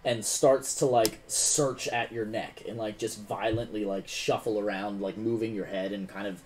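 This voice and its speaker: A man's voice: on the low side, steady tone, moderate pace, a little mellow. Casual male game master with a faint hiss. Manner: casual, many fillers like "like" and "um". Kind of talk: narrating a tabletop game.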